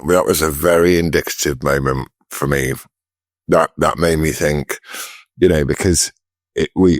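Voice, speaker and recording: Very deep-voiced man, rambling and jokey. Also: no room sound, studio quality. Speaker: podcast co-host. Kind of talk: casual chat.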